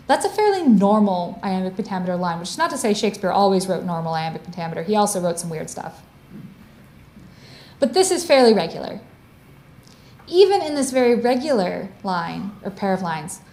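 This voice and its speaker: Woman, guest lecturer, mid-pitched, explanatory academic delivery, echoey room. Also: a little mellow. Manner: clear, explanatory, stops to define terms. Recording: roomy echo.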